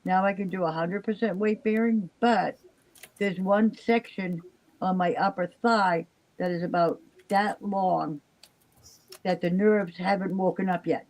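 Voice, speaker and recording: A woman's voice: medium pitch, steady tone, measured pace, a little mellow, low-quality recording. An older woman, worn out, chatting casually on a live stream in a rambling way. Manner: rambling, chatty, trails off with fillers. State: exhausted. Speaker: live stream chat participant. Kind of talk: casual chat.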